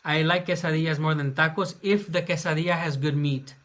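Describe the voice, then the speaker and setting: Bright-voiced American man, rambling casually. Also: on the high side, steady tone. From United States. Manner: casual, rambling, with frequent filler pauses. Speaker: livestream host. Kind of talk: live Q&A stream. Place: indoors at home, late at night.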